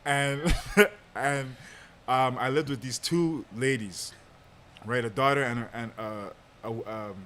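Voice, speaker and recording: A man's voice: medium pitch, slow, fairly bright tone, a little hiss or hum. Laid-back young man telling a story. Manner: laid-back, laughs often, lots of fillers. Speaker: podcast host. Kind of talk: casual storytelling chat.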